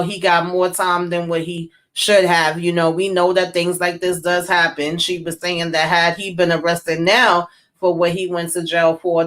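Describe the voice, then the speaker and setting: A woman hosting a casual live recap of a TV show, exasperated and ranting as she talks straight to her viewers. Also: lowish voice.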